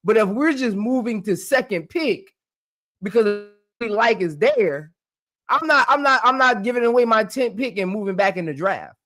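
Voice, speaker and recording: A woman's voice: on the high side, animated, moderate pace, a bit bright. Argumentative woman repeating her point. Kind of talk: casual sports debate.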